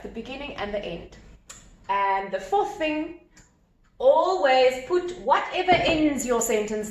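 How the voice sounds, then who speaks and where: A woman teacher explaining a grammar lesson step by step, animated and repeating key points. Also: on the high side, a little hiss or hum. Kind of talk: recorded grammar lesson at a whiteboard. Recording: echoey room with faint ambience.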